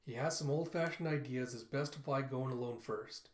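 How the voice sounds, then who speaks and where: A man's voice: mid-range voice, fairly quick, roomy sound, lightly acted. A man voicing a stern, impatient male ambassador who speaks curtly to his father in a comic readthrough. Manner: impatient, curt. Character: stern middle-aged male ambassador son.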